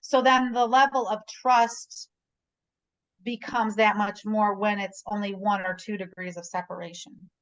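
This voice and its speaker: A woman's voice: medium pitch, fairly even intonation, measured pace, muffled recording. A middle-aged woman, a guest realtor, chatting casually on a video call and telling stories, often checking in with "right?". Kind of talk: casual conversation.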